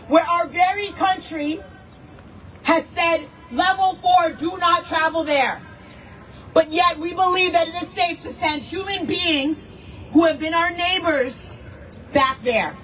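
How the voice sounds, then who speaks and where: An American woman city councilor giving an angry, forceful protest speech, repeating lines for emphasis. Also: very high voice. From United States. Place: outdoor rally. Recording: distant mic with faint noise.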